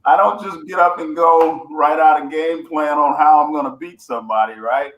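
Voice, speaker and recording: A man's voice: a little high, normal speed, reverberant, highs cut off. A man speaking as a guest coach, telling his story earnestly and building his points through repetition. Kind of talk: reflective storytelling.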